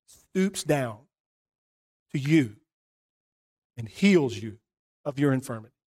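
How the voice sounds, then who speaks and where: A pastor preaching a sermon, earnest, moving between hushed and emphatic passages. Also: male voice, mid-range voice, expressive, takes it slowly.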